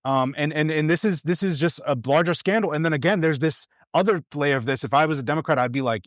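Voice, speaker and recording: A man with a fairly high voice is talking as a guest in a casual political chat. He is heated and slangy, and he keeps restarting his sentences. The sound is dry and close, with no room at all. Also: fast talker, hardly any pauses, a bit bright, no echo.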